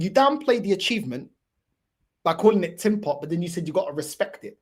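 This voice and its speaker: A woman's voice: medium pitch, big pitch swings, fairly quick. A woman hosting a football fan channel, delivering a heated, profane, mocking reaction rant. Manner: profane, mocking, repeats "bro".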